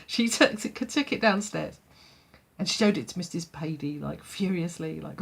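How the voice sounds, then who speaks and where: A woman's voice: fairly low pitch, lively intonation, normal speed, creaky, breathy edge. A woman telling a childhood story in a vlog, chatty, full of fillers and laughing often. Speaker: vlogger.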